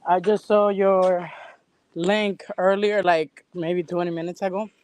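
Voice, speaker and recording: A woman guest on a livestream, out of breath from exercising, talking in halting, rambling bursts with many restarts. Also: on the low side, fairly even intonation, a little mellow, clean tone. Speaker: call-in guest. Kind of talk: casual live-stream chat.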